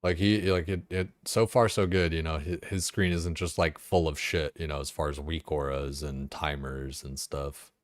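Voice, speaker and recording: A man's voice: rumbling low, fairly even intonation, moderate pace, few pauses, no room sound, clean studio sound. A man streaming games, rambling casually with lots of fillers and swearing. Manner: rambling, profane, filler-heavy. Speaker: game streamer.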